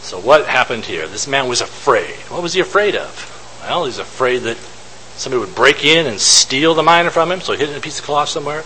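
A man teaches scripture in a bright, clear voice that rises and falls a lot. He thinks aloud as he goes and asks his listeners rhetorical questions. A faint hiss sits under the recording. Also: medium pitch, expressive, fairly quick, rough recording. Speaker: Bible teacher. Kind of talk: informal Bible teaching.

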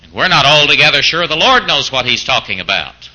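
A male preacher with a piercingly bright, somewhat high voice delivers a sermon. His pitch swings widely as he fires off skeptical rhetorical questions, playing the doubter against his own point. The delivery is lively and theatrical. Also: a little fast, rough recording. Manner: mock-incredulous rhetorical questioning, acting out a doubter.

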